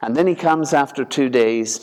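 A man preaching a conversational sermon in a folksy way, acting out voices with sudden leaps in pitch. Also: moderate pace, a little mellow. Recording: long reverb of a large hall.

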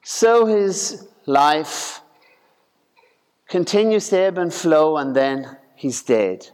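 Slow-talking folksy male preacher, echoing hall. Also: lively intonation, darkish tone, smooth. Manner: folksy, acts out voices with sudden pitch jumps. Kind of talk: conversational sermon. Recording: long reverb of a large hall.

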